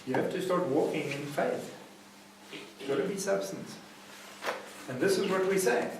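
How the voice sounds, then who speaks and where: This South African man has a high, unhurried voice as he teaches a recovery centre class like a preacher, emphatic and forever asking "see what I'm saying?" to check on his audience. The mic sits far off in a very echoey room with a noisy background.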